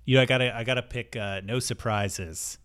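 A man's voice: medium pitch, steady tone, a little fast, a bit bright, clear, resonant tone. A man co-hosting a podcast, talking casually about music with frequent ums and restarts. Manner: hesitant, many ums and restarts. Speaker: podcast co-host. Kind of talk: casual chat.

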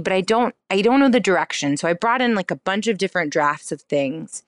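A woman in her thirties who works as a comedian and cabaret performer chats casually as an interview guest, talking a little fast with few pauses and lively intonation. She says "like" constantly and acts out quotes in a higher voice, with no echo.

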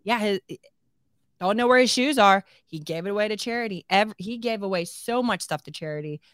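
A woman co-hosts a casual podcast in a lively, animated way. She breaks into laughs and acts out little exchanges with her husband. Her voice sits at a middle pitch and sounds dry and close to the mic. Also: brisk, clean tone, no room sound. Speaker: podcast co-host. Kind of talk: casual chat.

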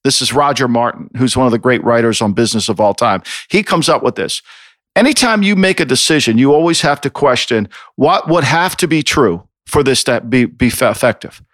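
A man's voice: mid-range voice, lively intonation, fairly quick, fairly bright tone, no echo, clean studio sound. A man co-hosting a sports podcast, ranting with exasperation and swearing freely. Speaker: podcast co-host. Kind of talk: heated sports opinion talk.

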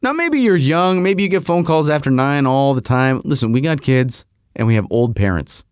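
A man in his fifties hosting a podcast, telling an exasperated comic story in a lively, animated way. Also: medium pitch, normal speed, clean tone, no room sound, clean studio sound. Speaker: podcast host. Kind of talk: comic monologue.

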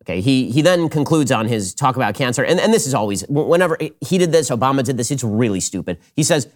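A man hosting a political commentary show, talking in a sarcastic, mocking, rapid-fire way. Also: medium pitch, expressive. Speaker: host.

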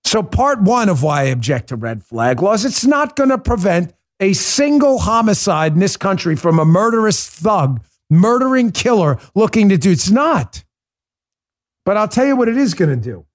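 A man's voice: high-pitched, very animated, normal speed. A man hosting a political talk show, speaking in an impassioned, emphatic way and repeating words for stress. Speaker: podcast host.

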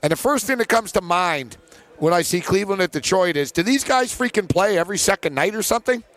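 A man's voice: sits high, expressive, quick pace, fairly bright tone, no echo. A man co-hosting a sports betting show, telling rambling stories full of fillers and laughs in a casual chat.

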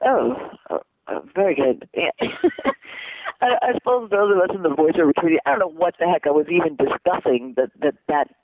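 A man, a voice actor being interviewed, chatting casually, excitable and laughing often, calling people "dude". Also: on the high side, fast, background noise. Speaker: voice actor guest. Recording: tinny phone line.

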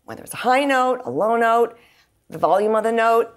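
A woman's voice: fairly high pitch, normal speed. A middle-aged singer-songwriter being interviewed, talking earnestly and at length, with many fillers and restarts as she explains. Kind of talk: candid conversational interview.

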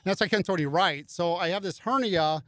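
A man's voice: high-pitched, fast talker, no room sound, studio quality. A middle-aged man telling a story in a casual chat, and he acts out other people's lines in raised voices. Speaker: podcast guest.

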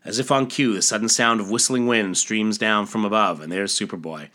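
A man's voice: fairly low pitch, brisk, pushed and bright. A man casually retelling a comic book story, chatty and full of asides. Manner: chatty, many fillers and asides.

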